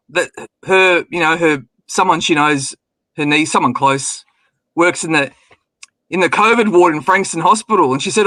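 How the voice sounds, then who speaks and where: A man joining a casual video-call chat, telling stories with animated energy and laughing at them. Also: on the high side, fairly quick, dry recording, low-quality recording. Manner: animated storyteller, laughs at his own stories. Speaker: guest.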